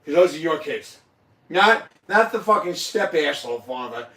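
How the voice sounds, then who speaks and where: A man's voice: on the high side, expressive, normal speed, a bit bright. Emotional, profane man in an echoey room. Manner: emotional, profane, insistent and repetitive. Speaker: host. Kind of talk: casual livestream chat. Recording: echoey room, mic at a distance.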